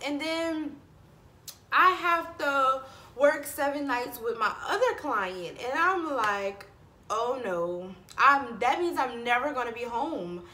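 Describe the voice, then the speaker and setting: A young woman vlogging to camera, chatting in a stressed but animated storytelling way and addressing viewers directly. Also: fairly high pitch, roomy sound. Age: young adult. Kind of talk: casual chat to camera.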